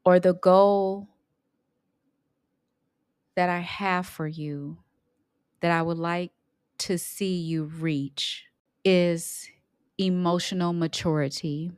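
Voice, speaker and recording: A middle-aged woman, an emotional intelligence coach, talking on her own podcast, unhurried, repeating her points for emphasis. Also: on the low side, fairly even intonation, a little mellow, smooth, no echo, clean studio sound. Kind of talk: solo podcast talk.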